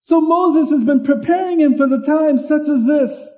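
High-voiced man preaching, mellow and muffled. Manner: conversational preaching, repeats words, reads scripture slowly. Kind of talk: sermon.

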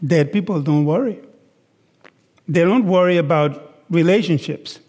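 A man preaching a sermon, slow and deliberate, stressing words and asking the congregation rhetorical questions. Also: a little high, a little mellow. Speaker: pastor. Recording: long hall reverb.

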